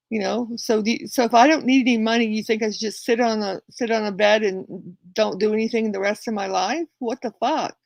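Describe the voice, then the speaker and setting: A woman's voice: a little high, fairly even intonation, fairly quick, gravelly, a little mellow, no echo. Chatty woman with a close, dry sound. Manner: chatty, retells quarrels acting out both sides; rambling with frequent restarts. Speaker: livestream host. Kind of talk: casual storytelling to viewers.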